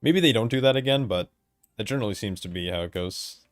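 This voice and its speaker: A man's voice: on the low side, quick pace, dry recording, studio quality, soft background music. A man streaming a game and chatting casually, laid-back and swearing, often laughing. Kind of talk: casual gameplay chat.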